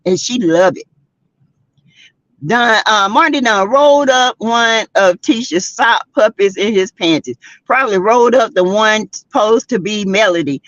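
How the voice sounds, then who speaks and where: An older woman with a Southern US accent hosts a casual gossip livestream, sassy and animated, laughing often and greeting viewers by name. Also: medium pitch, normal speed, dry recording. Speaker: host of a celebrity gossip livestream. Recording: dry, dull lo-fi webcam audio.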